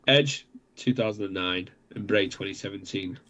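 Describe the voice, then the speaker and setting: A man's voice: low-pitched, normal speed, pushed and bright. Male podcaster, sore throat, casual teasing tone, dull lo-fi audio. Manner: laughing, teasing, says "mate". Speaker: podcast co-host. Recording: dull lo-fi sound.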